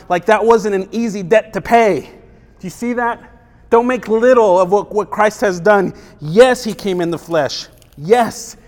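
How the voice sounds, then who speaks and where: A man's voice: high voice, big-room sound. A man preaching a sermon as pastor, conversational and emphatic, firing off rhetorical questions.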